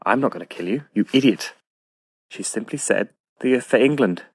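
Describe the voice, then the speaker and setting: An actor playing a sardonic Scottish outlaw with a put-on, inauthentic Scottish accent, dry and matter-of-fact. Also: male voice, mid-range voice, animated, moderate pace, breathy edge, no echo. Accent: attempted Scottish, not authentic. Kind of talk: comic audio drama acting.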